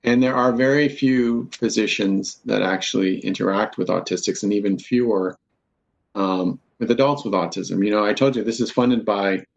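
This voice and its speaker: A man's voice: fairly low pitch, fairly even intonation, normal speed, creaky. A man, a university professor, talking candidly and with self-deprecating humor in an interview. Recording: dull lo-fi sound.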